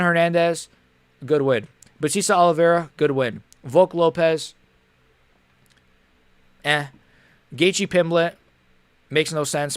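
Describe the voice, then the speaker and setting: A man's voice: fairly high pitch, dry recording. A young man hosting a live stream, reacting in casual, rambling talk, frustrated and swearing. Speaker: livestream host.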